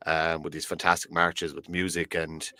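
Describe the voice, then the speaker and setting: An excitable Irish man talks over a video call, swearing freely as he goes. His voice is very low but has a sharp, forceful brightness. The sound is dry and close to the mic. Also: normal speed, no echo. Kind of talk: casual political chat over a video call.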